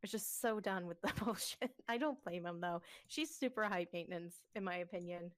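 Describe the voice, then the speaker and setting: A woman's voice: on the low side, moderate pace. A young woman in casual chat as a co-host, chatty and giggly, full of fillers.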